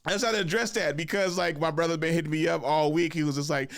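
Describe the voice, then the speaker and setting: A young man hosts a casual podcast chat, loose and joking, with plenty of swearing. His voice sits a little high for a man. He keeps a playful storytelling flow. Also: fairly even intonation, quick pace, creaky. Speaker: podcast host.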